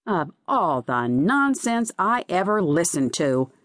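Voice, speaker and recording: Storybook seaweed, chatty and teasing, pitched high and swinging up and down , played by a woman reader. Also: slow pace, no room sound, studio quality. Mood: mocking. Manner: lively, high-pitched, lilting. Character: chatty, mocking seaweed, quick to laugh.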